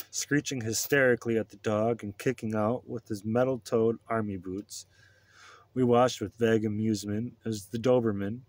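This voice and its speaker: A man reading an audiobook in a steady, measured narration. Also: fairly low pitch, no echo. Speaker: audiobook reader.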